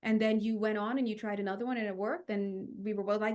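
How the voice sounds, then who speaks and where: A young woman leading a spiritual healing talk, chatty and animated, with many fillers and restarts. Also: mid-range voice, a little fast. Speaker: spiritual teacher.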